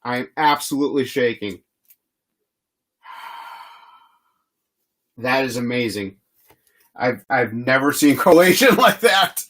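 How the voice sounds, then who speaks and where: A man's voice: mid-range voice, expressive, slow, long pauses, fairly bright tone. A man hosting a live trading card box break, reading player names in a chatty, easygoing way and laughing often.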